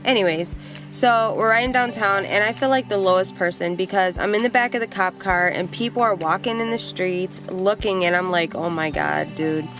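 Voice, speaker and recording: A young woman tells a story from her own life on her vlog, in a voice of middling pitch. She talks plainly and bluntly and swears without a second thought. Faint music plays behind her. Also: normal speed. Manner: animated, blunt, swears freely. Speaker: vlogger.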